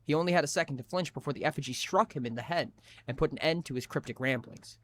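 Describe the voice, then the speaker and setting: A man's voice: fairly high pitch, fast talker, slight background noise. A man streaming live, reading a story aloud expressively with frequent restarts.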